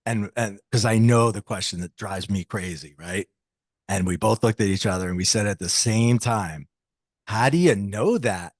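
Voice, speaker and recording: Male podcast guest with a low voice, recorded dry, telling a story with lively acted-out quotes. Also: moderate pace, no room sound. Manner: animated, acts out quoted dialogue. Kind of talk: personal storytelling.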